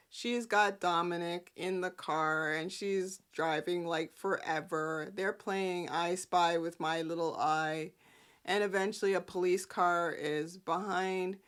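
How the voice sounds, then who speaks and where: A woman hosting a casual soap-opera recap, sassy and animated, often breaking into character quotes. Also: lowish voice. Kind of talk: casual chat.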